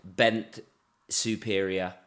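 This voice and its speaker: Man, comedian guest, casual podcast chat, playful, jokey, lowish voice. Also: flat delivery, drawn-out words, a bit bright.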